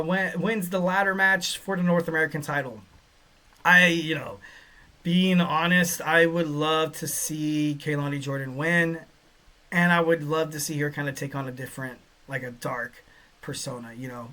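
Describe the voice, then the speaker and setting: A man hosting a casual solo podcast, rambling with lots of fillers and getting excitable. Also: on the high side. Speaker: podcast host.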